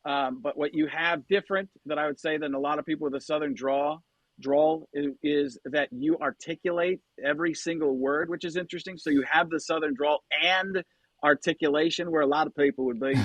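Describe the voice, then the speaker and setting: A man, a comedian guest, talking in casual podcast chat, animated and quick to slip into impressions. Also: on the high side, no echo.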